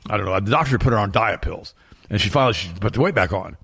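Fast-talking gravelly man ranting. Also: on the low side, lively intonation, fairly bright tone. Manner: ranting, repeats words for emphasis. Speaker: talk show host. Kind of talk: emphatic health talk.

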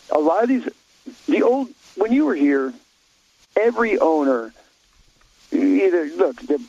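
A man's voice: a little high, darkish tone, lo-fi sound. A man talking in a blunt, opinionated way on a talk radio show, rambling with many restarts.

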